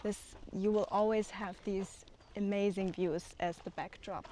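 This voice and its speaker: A woman's voice: medium pitch, steady tone, unhurried, warm tone, slight background noise. A woman co-founder giving an outdoor walking tour, talking with enthusiasm and many fillers. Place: outdoors on hillside land.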